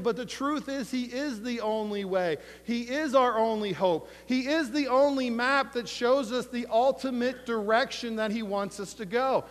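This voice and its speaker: A male pastor preaching a sermon, emphatic, with slow dramatic pauses and retold conversations. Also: extremely high pitch. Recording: long hall reverb.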